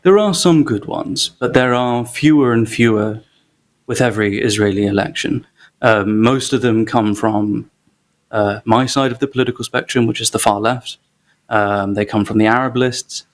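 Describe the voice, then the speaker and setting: An articulate male author being interviewed, talking in a measured way. His voice sits in a middle pitch, and he fills his pauses with ums and uhs. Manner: measured, articulate, frequent um and uh fillers. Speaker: author guest. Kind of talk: political interview.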